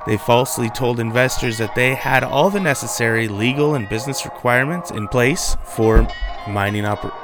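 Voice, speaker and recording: A man reads a local news bulletin in a steady, even newsreader manner. He slips in the odd joking aside between items. Loud music plays clearly under his voice throughout. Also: mid-range voice, moderate pace.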